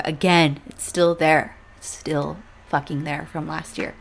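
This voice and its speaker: A woman in her thirties speaks candidly on her own podcast, reflective and emotional, sighing and letting small laughs slip through. Her voice sits on the lower side. A faint outdoor noise hangs behind her as she talks from a room at home. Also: level tone, measured pace, creaky, hardly any pauses. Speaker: podcast host. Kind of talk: personal podcast monologue. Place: home room with leaf blower outside.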